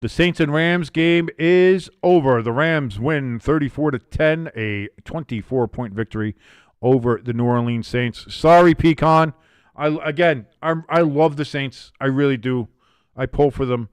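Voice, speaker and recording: A man's voice: medium pitch, unhurried, clean tone, no echo, clean studio sound. A young man hosting a watch-along stream, calling plays in a casual way, reading out viewer comments between plays, and jumping up in energy when something big happens. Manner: excitable, rising sharply on big plays.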